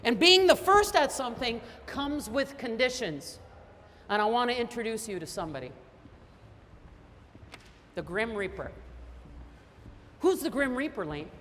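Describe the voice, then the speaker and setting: A woman from Canada giving a high-energy motivational keynote, telling stories with lots of emphasis. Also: big pitch swings, a little slow, long pauses, a bit bright. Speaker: keynote speaker. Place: large conference hall. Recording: echoey hall with faint noise.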